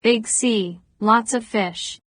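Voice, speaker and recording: A woman voicing a teasing Deep South woman with a smoky voice in an audiobook, speaking slowly. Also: a bit bright, no room sound.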